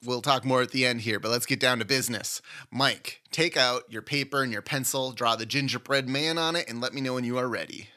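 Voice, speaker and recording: A man's voice: mid-range voice, brisk, pushed and bright. A man hosting a podcast, playfully narrating a mock medical exam case. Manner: playful, teasing, laughs easily. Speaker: podcast host running a mock oral boards case.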